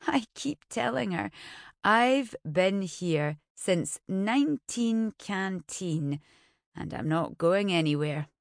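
A woman's voice: mid-range voice, lively intonation, takes it slowly, vocal fry, no echo, studio quality. A woman voicing a stubborn elderly widow who refuses to leave her home, speaking in a weary, defiant way.

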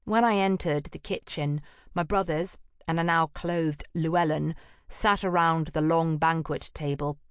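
A woman narrating a first-person fantasy audiobook in an even, measured, subdued manner. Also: deep voice, smooth, no echo, clean studio sound.

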